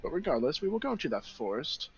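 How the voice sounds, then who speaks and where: A man's voice: on the high side, big pitch swings, fast, husky, muffled recording, heavily acted. A man voicing a stern young princess in a tabletop game, firm and formal.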